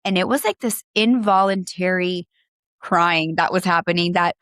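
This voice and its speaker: A woman's voice: lowish voice, moderate pace, fairly bright tone, dry recording, studio quality. A woman co-hosting a podcast in casual chat, emotional and rambling, with many restarts and trailing thoughts. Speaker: podcast co-host.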